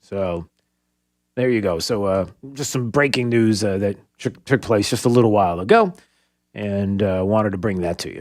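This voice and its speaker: A man's voice: lowish voice, normal speed, darkish tone, dry recording. A man hosting a talk radio show, chatting in a rambling, self-amused way from a studio microphone.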